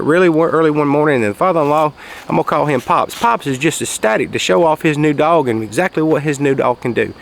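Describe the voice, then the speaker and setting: Gravelly folksy man outdoors. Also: a little high, slight background noise. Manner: folksy, raises his voice for quoted shouts. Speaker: vlogger telling a story. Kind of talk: casual storytelling monologue. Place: outdoors, quiet spot near traffic.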